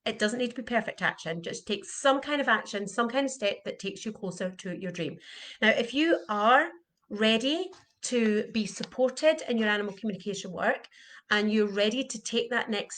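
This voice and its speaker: A middle-aged woman, an animal communication coach, giving an earnest, heartfelt motivational talk and repeating her questions for emphasis. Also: on the high side.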